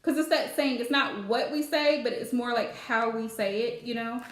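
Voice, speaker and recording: High-voiced chatty woman reader. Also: normal speed, reverberant, slight background noise. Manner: chatty, advice-giving, many fillers. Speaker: psychic card reader. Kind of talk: live-streamed spiritual reading.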